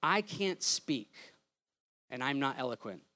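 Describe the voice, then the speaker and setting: A man's voice: sits high, fairly quick, fairly bright tone. A man voicing Moses as a timid, doubting old man during a sermon, speaking in a hesitant, self-doubting way. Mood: doubtful.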